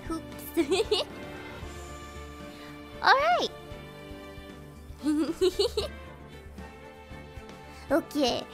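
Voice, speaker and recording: A young woman from Singapore chatting playfully and giggling as she streams a game, with faint game music behind. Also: sits high. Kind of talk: casual live game commentary.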